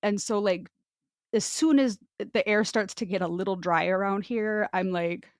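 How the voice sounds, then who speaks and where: A woman's voice: medium pitch, normal speed, no echo, clean studio sound. A woman from North Dakota hosting a podcast, chatty and self-deprecating, laughing often as she talks. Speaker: podcast host. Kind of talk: casual podcast chat.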